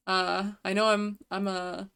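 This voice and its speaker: A woman streamer talks with her chat in a slow, unhurried way and laughs often. She makes fun of herself and speaks softly into a desk microphone. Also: medium pitch, little pitch movement, vocal fry, smooth. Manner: giggly, self-deprecating, slow and soft-spoken. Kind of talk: casual stream chat with voice impressions.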